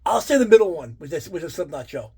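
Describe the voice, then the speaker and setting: A man talks to camera in a casual, rambling way. He swears often and gets animated as he tells his anecdotes. His voice sits a little higher than most men's. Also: fast, creaky, husky. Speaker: collector giving a room tour.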